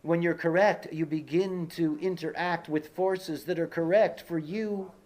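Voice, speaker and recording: A man's voice: fairly high pitch, steady tone, measured pace, a little mellow. A man giving an informal lecture with personal stories. He rambles, uses many fillers and asides, and repeats key words for emphasis. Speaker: speaker giving a talk.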